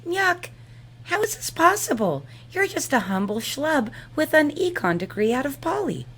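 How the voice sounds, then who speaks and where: A woman's voice: sits high, very animated, moderate pace, a bit bright, voice pushed up, exaggerated voice. A woman putting on an earnest young woman, a shopkeeper's daughter, in a comedy read-through. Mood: worried.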